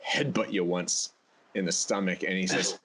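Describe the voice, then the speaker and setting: A man narrating as game master of a tabletop game, relaxed and quick to laugh. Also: low voice, a little hiss or hum.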